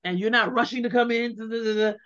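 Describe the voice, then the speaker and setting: A middle-aged woman, a guest on an interview, giving heartfelt advice in an animated way and acting out the questions she suggests. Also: on the high side, fast. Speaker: interview guest, grieving mother. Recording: dull lo-fi sound.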